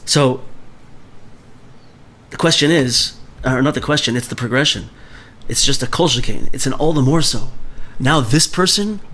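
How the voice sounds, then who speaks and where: A man's voice: medium pitch, normal speed, fairly bright tone. A man leading a book club, reading a story aloud and explaining it conversationally, often checking in with his listeners.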